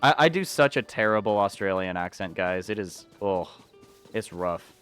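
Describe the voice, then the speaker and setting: Guy streaming a game, rambly and chatty, smooth clear voice, gets excited a lot. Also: fairly low pitch, normal speed, soft background music. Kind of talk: casual gameplay commentary.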